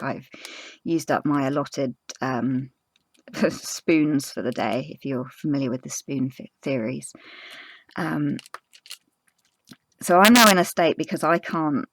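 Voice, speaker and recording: A young woman, a crafting vlogger telling a personal story in casual chat, earnest and halting with many fillers and restarts. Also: extremely low pitch, creaky, fairly bright tone, no room sound.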